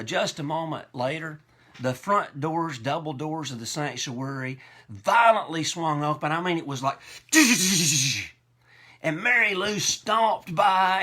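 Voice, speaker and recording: A man's voice: on the high side, pushed and bright. A male pastor preaching a sermon, telling folksy anecdotes from his churches with self-deprecating humor. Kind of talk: storytelling sermon.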